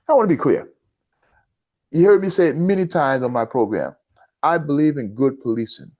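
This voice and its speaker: A man's voice: high-pitched, animated, moderate pace, darkish tone. A man hosting a commentary show, speaking with indignation and addressing his listeners as family. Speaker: host of a news commentary channel. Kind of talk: impassioned commentary addressing viewers.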